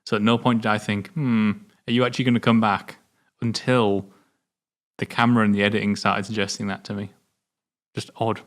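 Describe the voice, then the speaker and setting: British man, lowish voice, thoughtful casual film talk, questioning, lots of "like". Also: little pitch movement, a little fast. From Britain. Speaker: film review show co-host.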